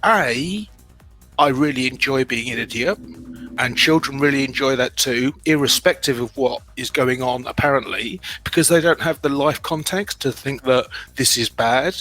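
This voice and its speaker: A man's voice: mid-range voice, normal speed, bright, forceful tone, soft background music, low-quality recording. A middle-aged man with a British accent, telling his own story as a guest in a candid, self-deprecating way, often restarting his sentences.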